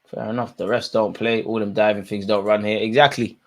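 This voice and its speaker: A man giving live, slangy watch-along commentary on a football match, jumping from low asides to loud outbursts. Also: brisk. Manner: excitable, slangy, swings from mutters to shouts.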